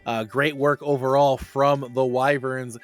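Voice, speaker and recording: A man casting a live esports match as host, calling each play quickly. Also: medium pitch, level tone, background noise. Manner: fast play-by-play calls, then groaning through eating spicy jelly beans. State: mouth burning from spicy jelly beans.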